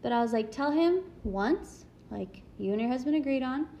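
A woman's voice: high voice, animated, moderate pace, dark tone, lo-fi sound, slight background noise. A young adult woman speaking candidly and reflectively as a parent, in a casual monologue full of "like" fillers. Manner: candid, self-reflective, chatty with many "like" fillers.

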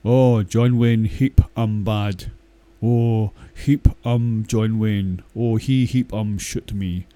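A man putting on a crude Western-movie cliché voice, drawn out slowly and loudly in broken speech. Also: lowish voice, fairly even intonation, no room sound. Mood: mocking.

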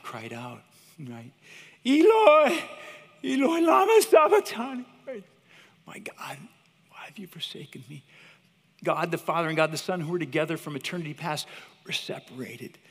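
Male pastor, sermon delivery, husky tone, dramatic dynamic swings, long hall reverb. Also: medium pitch. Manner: dramatic swings from loud cries to hushed whispers. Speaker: preacher.

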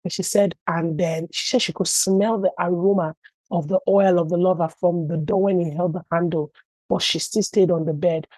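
A woman's voice: lowish voice, steady tone, moderate pace, warm tone, no room sound, rough recording. A woman pastor preaching conversationally and telling stories, with frequent "you know" asides.

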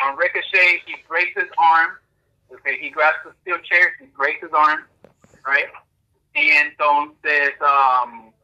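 A man hosting a podcast, telling an animated story in casual chat with lots of fillers. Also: a little high, lo-fi sound. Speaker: podcast host.

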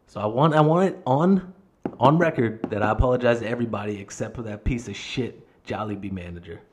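A man's voice: on the low side, a little fast. A man hosting his own podcast, telling a story in a casual, heated monologue full of swearing. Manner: reenacts his own yelling in the quotes. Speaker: podcast host.

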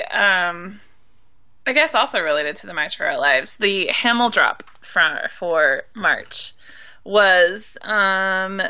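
A woman co-hosting a podcast, a little drunk, chatting casually in an excitable way and swearing freely. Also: mid-range voice, smooth, no echo. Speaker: podcast co-host. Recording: dull lo-fi sound.

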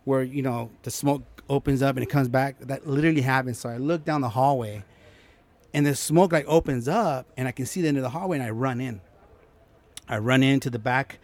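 A young man, a guest in a casual interview, telling a personal story with lively acted-out quotes and frequent restarts. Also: medium pitch, fairly quick. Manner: animated, acts out quotes, many restarts.

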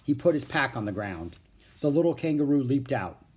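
An audiobook narrator reading a children's book aloud in an expressive storytelling way. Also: mid-range voice, normal speed, slightly rough.

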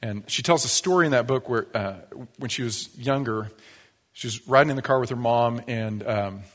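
A pastor giving a sermon, telling stories in a lively, conversational way. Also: male voice, medium pitch, normal speed. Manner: storytelling, animated, acts out quoted voices. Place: church sanctuary. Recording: long church reverb.

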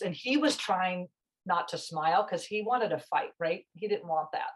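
A woman guest with a somewhat low voice tells a story with passion and emphasis. She talks in a chatty, animated way, pushing hard on her key points. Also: moderate pace, poor audio.

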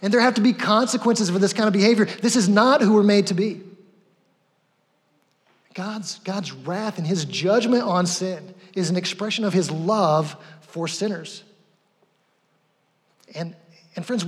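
A man's voice: high voice, moderate pace, long pauses. A man preaching a sermon in a casual, conversational way, often repeating words as he goes and acting out quotes. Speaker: pastor. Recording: long hall reverb.

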